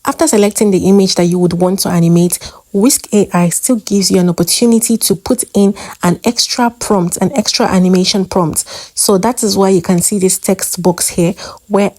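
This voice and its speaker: A woman's voice: mid-range voice, steady tone, moderate pace, a little mellow, dry recording. A woman hosting a tutorial, explaining step by step with occasional fillers. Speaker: host. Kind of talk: tutorial narration.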